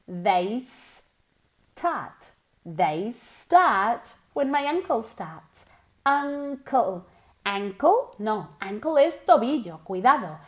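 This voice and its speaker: A woman teaching English, running slow pronunciation drills and exaggerating sounds so learners can hear them, with short explanations in Spanish. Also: medium pitch. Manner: exaggerates pronunciation and laughs at herself. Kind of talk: online language lesson with drills.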